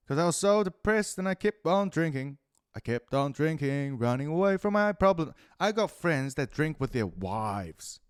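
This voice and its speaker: A man with a New Zealand accent ranting profanely through a rambling solo monologue, swinging between loud outbursts and muttered asides. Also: fairly high pitch, lively intonation, measured pace, smooth, no room sound, clean studio sound. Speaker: podcast host.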